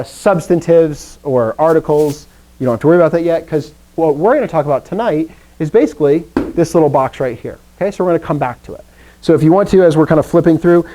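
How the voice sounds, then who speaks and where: A man's voice: a little high, dark tone, rough recording. A man teaching an adult Greek class, leading the students through call-and-response recitation drills in an upbeat manner.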